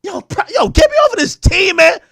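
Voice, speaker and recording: A man putting on the voice of a whiny male basketball star who shouts complaints about his teammates in crude slang. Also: very high voice, very animated, brisk, creaky, dry recording, clean studio sound, pitched above the performer's own voice, heavily acted. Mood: griping.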